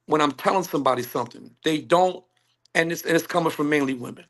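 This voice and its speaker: A man speaking on a panel call, emphatic and animated, acting out what others say to him. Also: a little high, quick pace. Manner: animated, emphatic, acts out quoted women. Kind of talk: casual panel discussion. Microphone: phone on a call.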